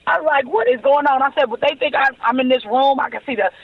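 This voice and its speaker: A woman in her forties tells her story as a podcast guest, slipping into each person's voice as she quotes them. Her voice sits very high, and the recording sounds dull and lo-fi. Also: quick pace. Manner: animated storyteller who acts out quoted dialogue.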